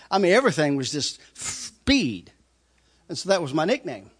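A man's voice: fairly high pitch, very animated, measured pace, a bit bright, husky. A middle-aged man telling his testimony in a loose, rambling story. He laughs often and stumbles over repeated words. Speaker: speaker giving a testimony.

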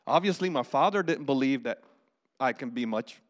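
A man preacher voicing a weary, self-doubting teenage shepherd boy in a low, muttering tone. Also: big pitch swings, moderate pace, a bit bright, exaggerated voice. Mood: dejected.

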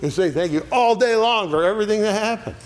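A man's voice: high voice, lively intonation, quick pace. A man teaching an adult Sunday school Bible lesson in a church classroom, folksy, often checking in with "all right?". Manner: folksy, asks "all right?" after each point.

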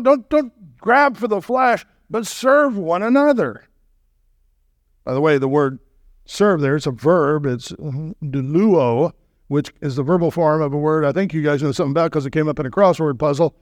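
Guy preaching a sermon, kinda high voice, super emphatic, cracks jokes, dry close sound. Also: dry recording. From Southern California. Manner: animated, emphatic, joking asides. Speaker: guest preacher.

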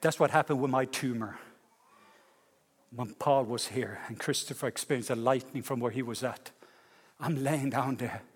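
A man preaching a sermon at a service, telling stories in an animated way that swings from loud bursts to hushed tones. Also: mid-range voice, normal speed, pauses often, slightly rough. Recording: reverberant church hall.

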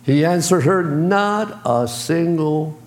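A pastor preaches a sermon in a church sanctuary, using plain colloquial phrasing and acting out voices. His fairly high, a little mellow voice is animated and slow, echoing through the church hall.

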